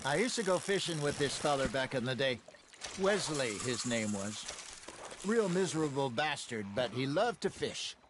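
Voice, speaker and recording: An actor playing a wry, seasoned outlaw who spins folksy, unhurried fishing yarns in a video game. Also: male voice, mid-range voice, expressive, noisy background, close to an everyday voice. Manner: folksy, unhurried yarn-spinning.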